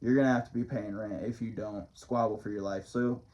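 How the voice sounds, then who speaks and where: A man's voice: lowish voice, steady tone, fairly quick, mellow, highs cut off. A man rambling casually into the camera as a motivational vlogger, swearing freely and chuckling as he talks. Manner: loose, profane, chuckling often.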